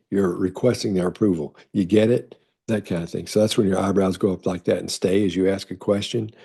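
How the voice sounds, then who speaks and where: A low, dark-voiced man talks through viewer questions in a loose, rambling way. His voice is husky and mellow, and he often restarts his sentences. He reads each question out a little brighter before answering it. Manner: rambling, conversational, lots of restarts and fillers. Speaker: body language expert answering viewer questions. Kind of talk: casual explanatory Q&A.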